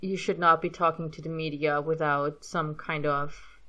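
Bright-voiced woman with light German accent. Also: sits low, level tone, normal speed, muffled recording. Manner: chatty, self-deprecating, rambling with restarts. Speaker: fan audio reader. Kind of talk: casual spoken commentary.

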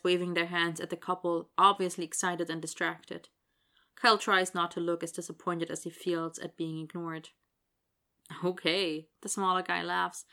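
A woman narrating an audiobook in a steady, wry storytelling manner. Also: on the low side.

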